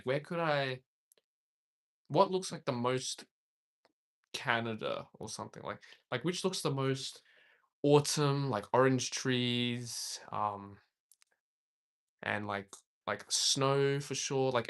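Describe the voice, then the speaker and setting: A young man on a relaxed livestream, rambling through viewer comments and laughing often. His voice sits at an ordinary middle pitch. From Australia. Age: young adult. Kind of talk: casual live-stream chat.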